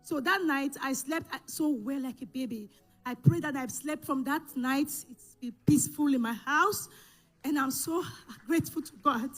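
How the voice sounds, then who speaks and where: A woman giving an emotional church testimony, telling her story in halting bursts full of restarts and self-corrections. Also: high voice, a bit bright, soft background music. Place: church service.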